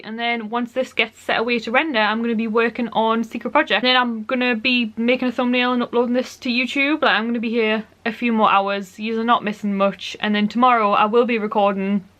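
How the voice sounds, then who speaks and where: A woman's voice: on the high side, steady tone, a little fast, hardly any pauses, bright, forceful tone. A young woman, gushing and chatty in a casual home vlog, filling her talk with "like". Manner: gushing, chatty, repeats "like" often. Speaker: vlogger. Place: home room.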